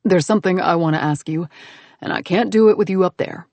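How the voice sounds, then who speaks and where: A woman narrating an audiobook, voicing a grouchy, growly young man who is protective and gruff. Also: lowish voice, a little fast, a little mellow, dry recording, close to an everyday voice. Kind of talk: audiobook character voice.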